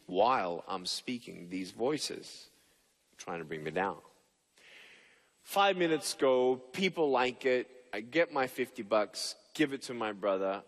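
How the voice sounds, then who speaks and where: A young man speaks at a medium pitch with a slow, sing-song delivery, giving a motivational talk to a live audience. He tells a story and acts out both sides of the dialogue himself. The recording comes from a large stage venue, and the hall is reverberant.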